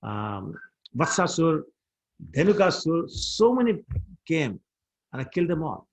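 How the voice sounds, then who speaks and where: Man voicing a cheeky boy god bragging to his mom, husky, story reading. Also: a little high, big pitch swings, a little slow, full character voice, low-quality recording. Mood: boastful. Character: young boy god, playful and boastful.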